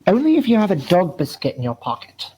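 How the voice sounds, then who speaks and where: A reader voicing a calm, guarded young female vixen in a comedic fanfiction table read, reading lines in a flat, unhurried way. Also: medium pitch, slightly rough, rough recording.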